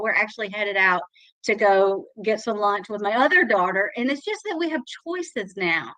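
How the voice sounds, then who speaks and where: A woman's voice: fairly high pitch, bright, forceful tone, dry recording, low-quality recording. A middle-aged woman, sharing her success story in a chatty, emotional way on a live call. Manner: chatty, emotional, says y'all often. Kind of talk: casual testimonial on a live call.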